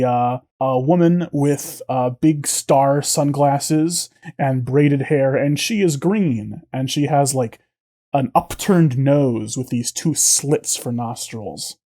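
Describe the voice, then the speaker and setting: A man's voice: mid-range voice, takes it slowly, warm tone. Hesitant man running a tabletop game. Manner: hesitant, many fillers and restarts. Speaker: game master.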